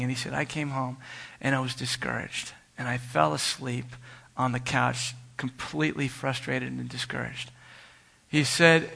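A man's voice: medium pitch, gravelly, bright, forceful tone. A man telling a personal story in a sermon, earnestly acting out both sides of a phone call, with frequent restarts. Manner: earnest, retells dialogue with many restarts. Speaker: preacher.

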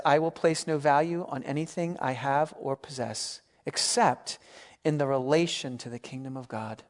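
A man preaching a sermon as pastor in a church, earnest and emphatic, rising and falling in force as he exhorts the congregation. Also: a little high.

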